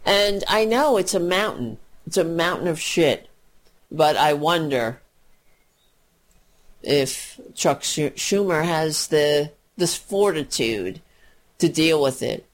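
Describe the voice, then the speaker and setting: A woman's voice: sits low, expressive, slow pace. A woman giving an exasperated, profane political rant, mocking the people she talks about.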